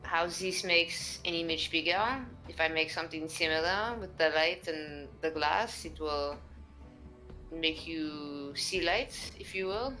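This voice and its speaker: A woman voicing an earnest female inventor character who slips in French words and explains things carefully and haltingly. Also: deep voice, bright, forceful tone, soft background music, voice pushed down. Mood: explaining.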